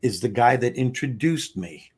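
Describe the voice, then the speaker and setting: Husky middle-aged New storyteller man. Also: medium pitch, normal speed. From Long Island, New York. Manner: animated, conversational, repeats words. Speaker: host. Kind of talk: personal storytelling on a talk show.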